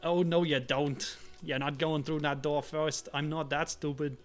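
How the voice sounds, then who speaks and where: A man voicing a tough, impatient thug in a video game with a put-on Brooklyn accent, menacing, slow and loud. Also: on the high side, level tone, faint music behind, natural voice.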